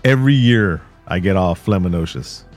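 A man hosting a casual podcast chat, telling a long joke with lively swings and casual swearing. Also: low voice, normal speed, faint music behind. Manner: animated storyteller, swears casually. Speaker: podcast host.

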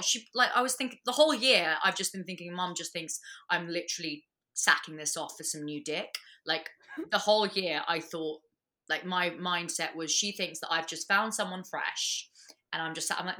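A woman, a guest on a casual chat podcast, talking bluntly and swearing freely with lots of quick restarts. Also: lowish voice, sharp tone.

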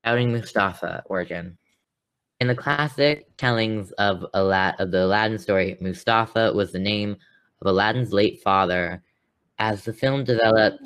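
A man's voice: low voice, fairly bright tone. A man co-hosting a podcast, chatting casually and rambling with lots of fillers. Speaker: podcast co-host. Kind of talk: casual chat.

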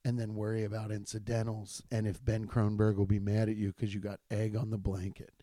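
A man's voice: on the low side, monotone, fairly quick, dark tone, dry recording, clean studio sound. A man, a stand-up comedian, telling rambling, profane stories in a casual chat with many restarts. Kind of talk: casual storytelling podcast.

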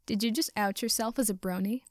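A woman reading aloud and voicing a dry, sardonic young man who speaks in a deadpan way. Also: medium pitch, a little fast, no echo, close to an everyday voice.

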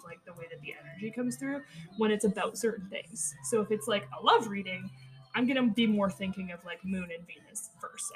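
A woman's voice: medium pitch, poor audio. A woman hosting a podcast, giving a casual tarot reading, chatty and full of fillers and swearing, thinking aloud and stumbling over her words. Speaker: tarot reader and podcast host.

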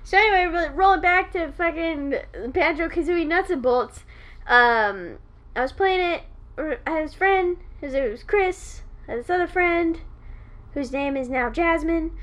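A woman's voice: high-pitched, a bit bright. A woman co-hosting a podcast in casual chat, rambling and swearing playfully, with hiccups. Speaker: podcast co-host.

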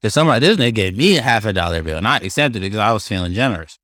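A man's voice: lowish voice, very fast, dry recording. A young man chatting alone into a mic for his podcast, loose and profane with lots of slang. His voice leaps up and down as he tells stories. The sound is dry and close. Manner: animated, profane, slangy storytelling. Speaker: podcast host. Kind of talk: casual solo podcast storytelling.

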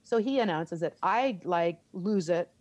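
In this interview, a middle-aged woman who teaches theater speaks in a lowish voice at a measured pace. She's animated and laughs as she performs her reactions to the story, and the recording is dry.

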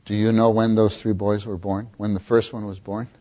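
A man preaching a sermon, often questioning his listeners and repeating words for emphasis, with a husky voice, on a dull lo-fi recording. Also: on the low side, flat delivery, normal speed, dark tone. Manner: questions the audience, emphatic repetition.

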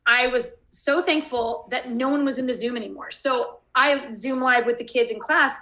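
A woman in her forties tells stories in casual chat over a video call, acting out her own reactions. Her voice sits high, with a bright and forceful edge. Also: moderate pace. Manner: animated storytelling, acts out her own reactions. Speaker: teacher.

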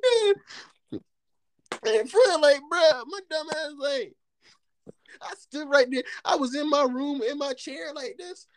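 Animated, laughing man telling stories. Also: very high voice, slow, long pauses, no room sound. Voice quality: animated, laughs often, swears freely. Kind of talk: casual storytelling chat.

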